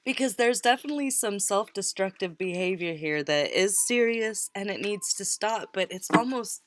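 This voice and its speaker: A woman talks through a tarot spread in a loose, conversational way. She laughs easily and often cuts off a word to start it again. Her voice sits at an ordinary middle pitch for a woman. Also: expressive, moderate pace. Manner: chatty, laughs easily, breaks off mid-word. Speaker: tarot reader. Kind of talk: casual tarot reading.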